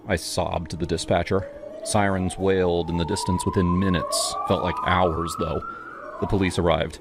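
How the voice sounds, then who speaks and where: Casting: deep male horror narrator, steady first-person storytelling, voice over a loud music bed. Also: normal speed.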